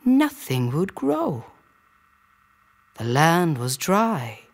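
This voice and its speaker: A woman telling a myth in slow, dramatic, rhythmic phrases. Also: fairly low pitch, big pitch swings. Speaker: storyteller. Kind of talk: mythic storytelling over music. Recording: storytelling over clear music.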